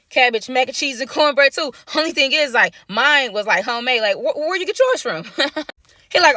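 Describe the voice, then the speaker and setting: A young woman telling a storytime monologue in slangy, animated speech, full of dramatic repeats. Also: sits high, moderate pace, dry recording.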